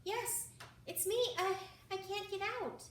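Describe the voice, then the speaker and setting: A woman voicing a small, shy young girl mouse who talks in a squeaky, excited way. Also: measured pace, a little hiss or hum. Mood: startled. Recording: roomy, from far off.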